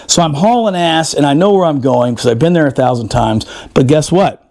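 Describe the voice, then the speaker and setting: Man, somewhat high voice, casual podcast storyteller, swears a lot, laughs often. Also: fairly quick. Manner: profane, animated, laughing often. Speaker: podcast storyteller, former Marine.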